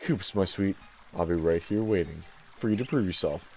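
A man voicing an older turtle father, slow, soft and fatherly. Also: deep voice, creaky, slight background noise, pitched below the performer's own voice. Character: older male turtle father, calm and proud. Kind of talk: voicing game dialogue during a playthrough.

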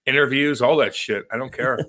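A man's voice: mid-range voice, bright, forceful tone. A man co-hosting a podcast, joking and swearing freely as he tells rambling stories. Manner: rapid, profane, joking storyteller. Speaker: podcast co-host. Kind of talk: casual podcast banter.

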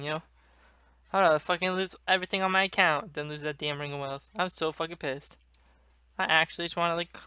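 A young man ranting about a gaming loss, swearing a lot, swinging between loud outbursts and low muttering. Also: clean tone, dry recording. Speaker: gaming vlogger. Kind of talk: venting rant to camera.

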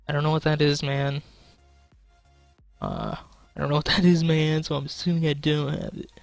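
A man's voice: a little high, big pitch swings, a little slow, creaky, long pauses, dry recording, soft background music. A young man giving casual gameplay commentary, swearing and joking as he plays. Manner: swearing, frustrated, joking, talking to chat. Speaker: gaming YouTuber.

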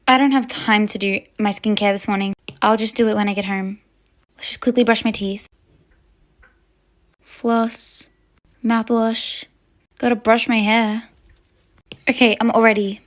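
A woman's voice: a little high, steady tone, measured pace, pauses often. A woman telling a toy-app role-play story as a schoolgirl, chatty and dramatic with lots of fillers.

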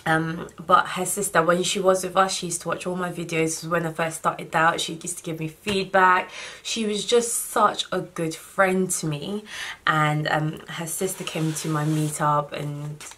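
A young woman, chatting casually through a gift unboxing vlog, warm and thankful. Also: fairly low pitch, fairly even intonation, measured pace. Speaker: vlogger.

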